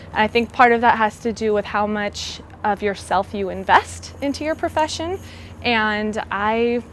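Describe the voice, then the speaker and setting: A woman's voice: mid-range voice, a little hiss or hum. A woman who is a preschool teacher and parent, answering interview questions earnestly with a few hesitant fillers. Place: school campus. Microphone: clip-on microphone.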